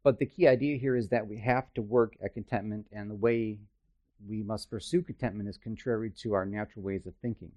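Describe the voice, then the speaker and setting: A man's voice: fairly low pitch, a little mellow. A man teaching a Bible study in a conversational way, with chatty, self-deprecating asides and frequent checks with his listeners.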